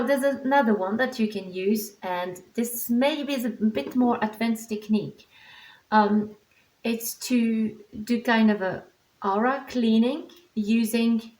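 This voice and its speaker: A woman teaching animal communication techniques in a calm, reassuring way, explaining step by step with frequent restarts. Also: medium pitch. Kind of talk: instructional vlog. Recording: echoey room.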